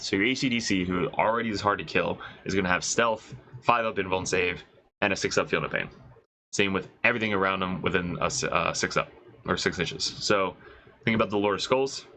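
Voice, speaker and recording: Congested low-voiced man, excited rules talk. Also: slight background noise, rough recording. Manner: excited, swearing, thinking aloud while reading rules. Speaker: wargaming video host reviewing rules. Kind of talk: casual rules breakdown.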